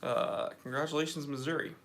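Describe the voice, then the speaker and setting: Upbeat young male streamer from New England, fairly high, crisp bright tone, chatting casually from an office. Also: steady tone, fairly quick. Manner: upbeat, reads viewer comments aloud. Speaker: livestream host. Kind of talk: casual livestream chat.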